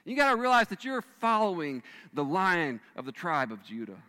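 A male pastor delivering a sermon with a bright, forceful voice pitched a little high. He swings between loud emphatic bursts and hushed lines, and the sound rings with the long reverb of a large church hall. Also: sing-song, normal speed.

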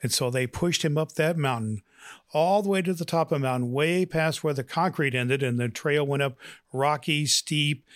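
A man's voice: a little high, moderate pace, fairly bright tone, no echo, clean studio sound. A man hosting a podcast, giving earnest, motivational encouragement and telling a joke. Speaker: podcast host.

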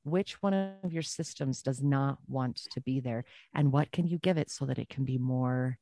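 A woman guest telling a personal story in a casual podcast chat, animated and repeating phrases for emphasis. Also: extremely low pitch, normal speed, dry recording.

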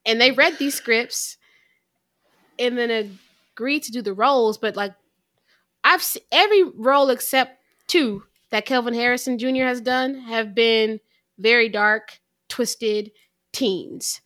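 Young adult woman, fairly high voice, podcast co-host, casual film chat, teasing, laughs easily. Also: measured pace, a bit bright.

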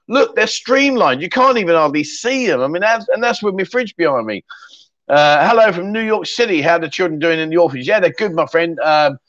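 Male stream host, jokey and rambling, a touch higher voice, dry slightly dull home audio. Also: dry recording. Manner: jokey, rambling, self-mocking banter. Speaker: livestream chat show host. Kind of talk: casual chat reading out viewer comments. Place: home room with a fridge behind him.

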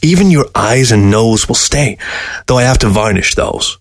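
A man voicing an older male taxidermist, proud and stubborn, speaking in a measured, earnest way. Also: mid-range voice, lively intonation, no room sound.

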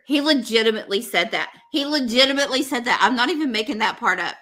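A woman's voice: on the high side, lively intonation, fast, few pauses, bright, forceful tone. A woman hosting a podcast, chatting casually in a rambling, gossipy way full of fillers. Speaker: podcast host.

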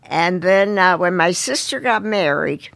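An older woman, a restaurant owner, talking as an interview guest and recalling the past in an unhurried way, often restarting her sentences. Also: fairly low pitch, lively intonation, gravelly, a bit bright, no room sound. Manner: unhurried storytelling with frequent restarts. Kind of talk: casual interview reminiscence.

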